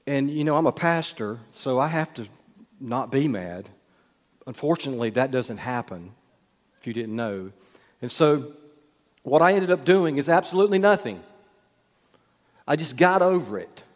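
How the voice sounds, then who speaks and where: Pastor preaching in a reverberant hall. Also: male voice, on the high side, lively intonation, moderate pace, long pauses. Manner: conversational, teasing the audience with questions. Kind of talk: sermon with storytelling.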